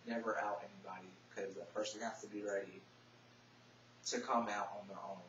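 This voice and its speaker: A young man telling a personal story to his vlog audience, soft-spoken and emotional, teary at times. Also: fairly low pitch, flat delivery, brisk. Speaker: vlogger. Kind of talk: casual personal storytelling to camera. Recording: echoey, distant, dull webcam audio with faint hum.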